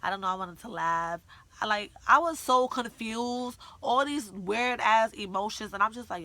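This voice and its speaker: A young woman telling a story in a casual vlog, animated, slangy and full of swearing. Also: medium pitch, moderate pace. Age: young adult. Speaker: vlogger.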